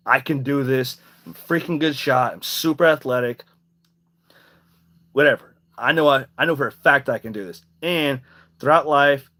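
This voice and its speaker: A man's voice: medium pitch, a bit bright. Young man rambling through a personal story. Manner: rambling and emphatic, with casual swearing. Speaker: podcast host.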